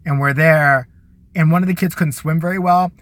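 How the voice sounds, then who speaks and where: A man's voice: a little high, steady tone, moderate pace, fairly bright tone, dry recording. A man from the Chicago area hosting a live show, telling crude, rambling stories about his school days and laughing often. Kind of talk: casual profane storytelling.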